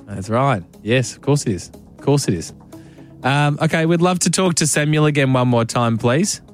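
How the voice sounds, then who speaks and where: A man's voice: medium pitch, lively intonation, moderate pace, soft background music. An Australian man hosting a radio show, playful and teasing a caller. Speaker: radio host. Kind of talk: breakfast radio banter.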